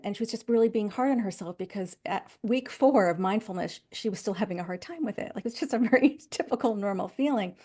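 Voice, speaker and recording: Animated woman telling stories as a guest. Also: mid-range voice. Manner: animated storytelling, acting out quoted voices. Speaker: guest psychologist. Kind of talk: podcast interview.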